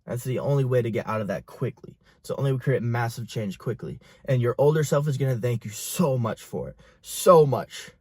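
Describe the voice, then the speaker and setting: A young man in a small, dry room talks straight at the listener like a coach pushing a client. His mid-pitched voice is blunt and full of swearing, and he urges change hard and without letting up. It is a close, dead recording with no room sound around it. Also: animated, fairly quick, few pauses, darkish tone, breathy edge, dry recording. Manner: intense, profane, pushy motivational talk. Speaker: fitness and business coach. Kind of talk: motivational talk to camera.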